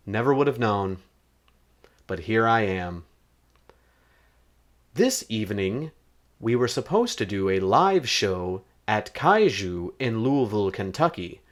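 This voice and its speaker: A man hosting a comedy show in a slow, mock-earnest deadpan manner. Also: medium pitch. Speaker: host.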